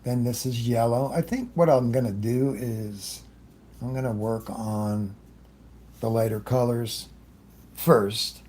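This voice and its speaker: A man running an airbrush livestream talks while working, welcoming viewers and regularly drifting off mid-sentence. His voice is medium-pitched and mellow, unhurried, with slight background noise.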